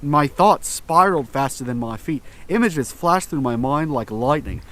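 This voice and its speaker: A man reading a first-person horror story aloud, in slow, tense scripted narration with dramatic pauses. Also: on the high side, animated, noisy background.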